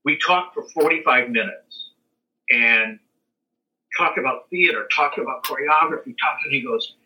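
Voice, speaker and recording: Older man telling an animated story. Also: mid-range voice, moderate pace, poor audio. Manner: animated storyteller, acts out quotes and sings dance beats. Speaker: interview guest. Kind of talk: casual storytelling.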